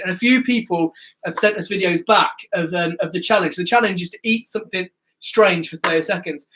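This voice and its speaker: A man's voice: high voice, a bit bright. A man hosting a casual youth live stream, teasing his co-host and laughing as he eggs him on. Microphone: live stream mic.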